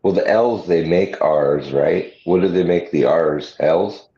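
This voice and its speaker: A man's voice: sits low, measured pace, dark tone. A man hosting a livestream in laid-back casual chat, chuckling often. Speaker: livestream host. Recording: muffled lo-fi sound in an echoey room.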